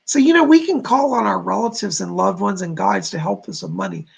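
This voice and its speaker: A man's voice: high-pitched, a little fast, vocal fry, slightly rough. A man hosting a live stream as a psychic medium, chatting with viewers and relaying messages with many "she said" asides.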